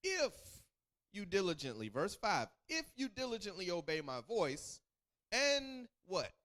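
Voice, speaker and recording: Guy teaching a bible class, kinda high voice, bouncing all over the place, keeps quizzing the room. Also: measured pace. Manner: animated, call-and-response questions, acts out quotes. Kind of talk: sermon teaching.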